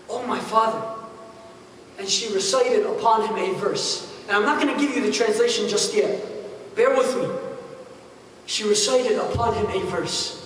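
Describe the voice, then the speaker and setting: A high-voiced man gives a lively storytelling sermon, slipping into the voices of his characters with casual slang. He sounds far from the mic, his words ringing through a big hall with a long reverb and a faint hiss underneath. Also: normal speed, long pauses. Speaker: imam. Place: mosque hall.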